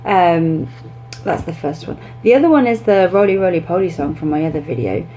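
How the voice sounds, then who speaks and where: A young woman, an English teacher, giving classroom tips in a chatty way, breaking into lively demonstrations. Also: fairly low pitch, fairly quick, dull audio, faint music behind.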